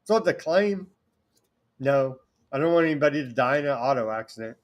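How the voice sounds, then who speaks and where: A man's voice: medium pitch, expressive, a little fast. A man from California hosting a political talk show, delivering sarcastic, indignant commentary. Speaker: host.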